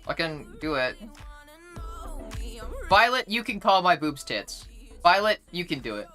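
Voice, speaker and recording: A woman's voice: lowish voice, sing-song, measured pace, a bit bright, faint music behind. A young woman streamer chatting casually with her chat, rambling and blunt, swearing often and full of fillers and restarts.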